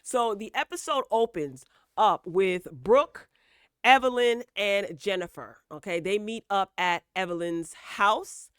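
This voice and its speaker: Woman vlogger, blunt and chatty, keeps checking in with the viewer; smooth voice, dry close recording. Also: medium pitch, expressive, slow, dry recording. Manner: chatty, tags lines with "okay?" and "right?"; sassy, blunt asides. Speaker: reality TV recap host. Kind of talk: casual opinionated recap.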